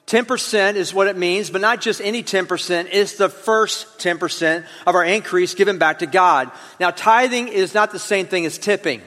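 A man's voice: high voice, normal speed, hardly any pauses, pushed and bright. A man preaching a sermon in a church, talking conversationally and drawing the congregation into call and response. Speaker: pastor. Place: church auditorium. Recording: long hall reverb.

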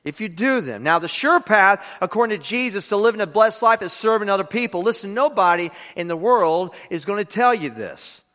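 A man's voice: sits high, lively intonation, a little fast, hardly any pauses, fairly bright tone, big-room sound. A man preaching a sermon to his congregation, who leads them in repeating key lines aloud. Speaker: pastor. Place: church sanctuary.

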